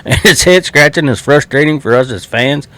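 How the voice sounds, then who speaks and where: A man's voice: fairly high pitch, normal speed, sharp tone. A man from South Carolina with a Southern accent, talking football as a fan in a blunt, swearing, laughing casual way. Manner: blunt, swears freely, laughs between remarks. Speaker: sports fan podcaster.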